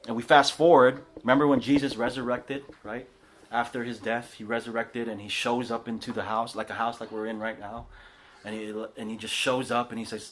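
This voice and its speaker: Casual man preaching in a living room, chatty and lively, keeps asking "right?", stumbles and restarts a lot. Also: medium pitch, fairly quick. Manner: casual, animated, tags lines with "right?", many restarts. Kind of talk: conversational sermon. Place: house church living room.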